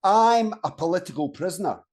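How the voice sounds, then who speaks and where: A man's voice: high-pitched, expressive, a little fast, darkish tone. A man playing a sarcastic, rebellious soldier in an audio comedy, dry and sardonic.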